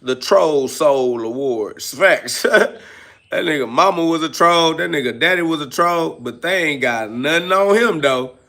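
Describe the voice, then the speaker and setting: Gravelly man preaching a mocking rant. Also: a little high, a little slow, bright, forceful tone. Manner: preachy, mocking, heavy slang. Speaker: podcast host. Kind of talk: ranting live self-talk podcast monologue.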